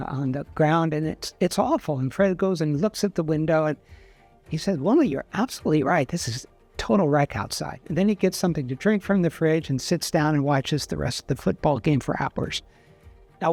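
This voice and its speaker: A man's voice: a little high, darkish tone. A man speaking earnestly for a church, promoting an event and illustrating his point with a story.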